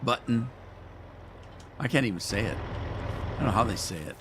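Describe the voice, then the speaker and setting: A man's voice: mid-range voice, lively intonation, moderate pace, background noise. A man hosting a gaming channel, chatting casually and rambling in a folksy way while he plays. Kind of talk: casual let's-play commentary.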